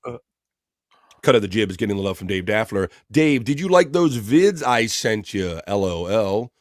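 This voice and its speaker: A man's voice: fairly low pitch, sing-song, normal speed, dry recording. A man hosting a live stream, chatting casually and reading out viewer comments with upbeat greetings by name.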